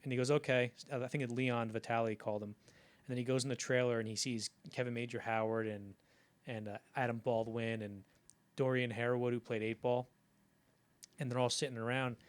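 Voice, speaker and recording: Man animatedly retelling a film-set story. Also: mid-range voice. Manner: animated retelling, swearing, slips into quick character voices. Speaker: podcast host. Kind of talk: casual storytelling chat.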